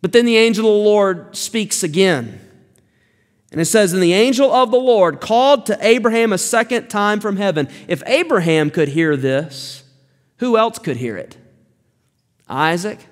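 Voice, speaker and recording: A man's voice: high voice, lively intonation, normal speed. A man preaching a sermon, emphatic, repeating his key phrases for weight. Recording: long reverb of a large hall.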